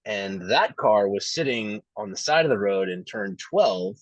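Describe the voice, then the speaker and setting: A man's voice: lowish voice, expressive, unhurried, no room sound. A man co-hosting a podcast in casual chat, telling stories with repeated words and fillers. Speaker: podcast co-host.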